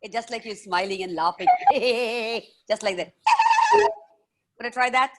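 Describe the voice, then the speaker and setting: A woman tells stories to schoolchildren over a video call. She is lively and playful, breaking into chants, animal noises and laughter. Her delivery is expressive and engaging. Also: mid-range voice, moderate pace, very noisy. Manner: animated, playful, makes sound effects. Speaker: children's storyteller and author. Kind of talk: live storytelling session for children.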